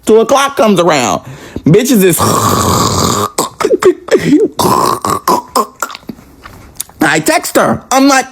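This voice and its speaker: A man telling a personal story in a casual storytime monologue, profane, animated and dramatic, swearing freely as he builds each beat. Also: extremely high pitch, moderate pace.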